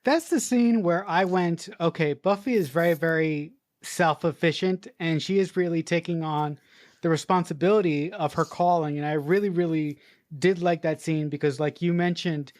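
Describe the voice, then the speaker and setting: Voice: mid-range voice, normal speed, darkish tone. Podcaster who repeats words mid-thought. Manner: repeats words while searching for phrasing. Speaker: podcast co-host. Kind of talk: casual movie review chat.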